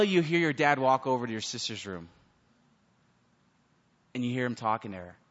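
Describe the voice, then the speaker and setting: A man preaching a sermon as pastor, animated and acting out the voices of characters in his stories. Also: medium pitch, moderate pace, long pauses. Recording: long hall reverb, dull lo-fi sound.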